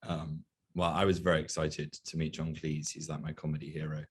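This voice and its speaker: A man's voice: rumbling low, flat delivery, fairly quick, husky. A man with an English accent, an actor answering questions in a casual press interview and telling funny, self-mocking stories. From England. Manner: storytelling, self-mocking humor.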